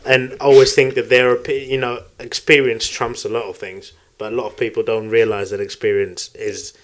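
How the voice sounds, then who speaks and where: A man on a podcast panel makes wry, opinionated remarks in a casual chat. He speaks at a middle pitch. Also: flat delivery, normal speed.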